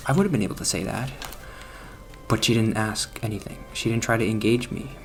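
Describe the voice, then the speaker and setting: A man's voice: lowish voice, fairly quick, gravelly, soft background music. Awkward, self-mocking gaming vlogger man. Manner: awkward, self-deprecating, laughs at himself. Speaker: gaming channel host. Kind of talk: rambling casual commentary over gameplay.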